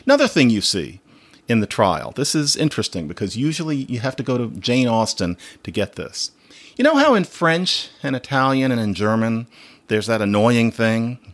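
A man's voice: medium pitch, big pitch swings, normal speed, no room sound. A man hosting a solo podcast, talking in a chatty, digressive way and laughing now and then. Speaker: podcast host.

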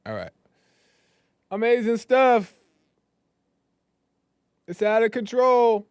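A man's voice: extremely high pitch, very animated, takes it slowly, smooth, dry recording. A man hosting a call-in podcast, talking casually and emphatically in slang. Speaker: podcast host.

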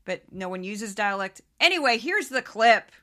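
This St. Louis podcast host has a Southern-Midwestern accent and chats candidly about news clips, laughing often and tossing in self-aware asides. Her mid-range voice is very animated and fairly bright, moving at a normal speed.

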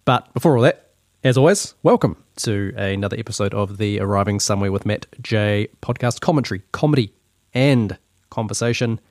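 A man's voice: lowish voice, brisk, a little mellow, dry recording, clean studio sound. Wry New Zealand man hosting a podcast. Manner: wry, mock-indignant banter. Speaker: podcast host. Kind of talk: casual comedic commentary.

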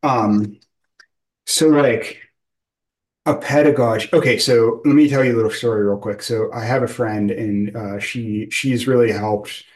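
A man's voice: medium pitch, fairly even intonation, measured pace, poor audio. A man interviewing a guest, talking loosely and searching for words, with many fillers. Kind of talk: casual conversational interview.

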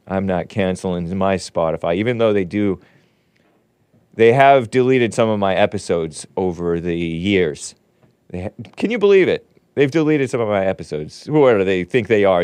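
A man's voice: sits low, expressive, moderate pace, darkish tone, clean tone, no echo. A middle-aged man hosting his own livestream show, chatting casually in a rambling way with joking asides. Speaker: show host. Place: home studio in Los Angeles.

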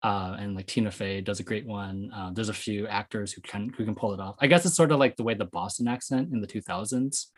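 Husky low-voiced man hosting casually. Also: a little fast, few pauses. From US West Coast. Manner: rambling, many fillers and restarts. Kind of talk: casual discussion.

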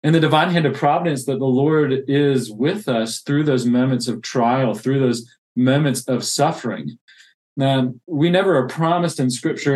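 A man's voice: mid-range voice, a little mellow. A man who plants churches reads from a classic novel and reflects earnestly on faith. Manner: earnest, reflective, with many restarts.

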